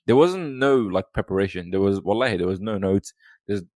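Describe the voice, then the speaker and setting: A podcast guest, talking casually and rambling with lots of fillers and restarts. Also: male voice, fairly low pitch, expressive, a little fast, a little mellow, dry recording. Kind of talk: casual chat.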